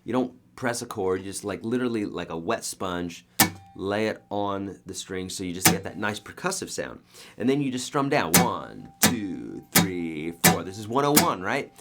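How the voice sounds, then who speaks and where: This guitar teacher has a fairly low voice and moves at a moderate pace. He coaches beginners emphatically, counting the beats aloud while strumming and saying "okay" and "right" again and again.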